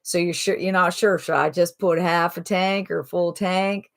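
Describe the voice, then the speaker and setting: A slow, drawling Southern man frets about having enough money, as a woman imitates him. The voice sits a little low and unhurried. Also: fairly even intonation, lightly acted. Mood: worried.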